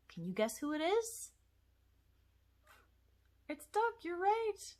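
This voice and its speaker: A woman, a children's librarian, leading a storytime rhyme with puppets in an animated, sing-song way for young children. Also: a little high, normal speed.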